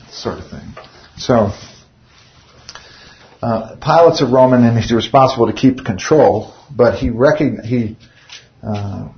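A man's voice: lowish voice, highs cut off. A man leading an informal Bible study, speaking conversationally and often putting rhetorical questions to his listeners.

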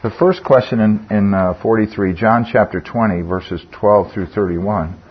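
A man's voice: lowish voice, measured pace, slight background noise. An older man teaching a Bible study group in a conversational way, asking the group questions, with fillers and restarts. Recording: dull lo-fi sound.

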